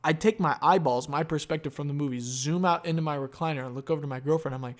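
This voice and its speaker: A man hosting a podcast, telling a long story in a casual, profane monologue that is full of fillers and has loud, animated exclamations. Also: a little high, fast talker, few pauses. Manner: profane, rambling, heavy on fillers. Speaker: podcast host.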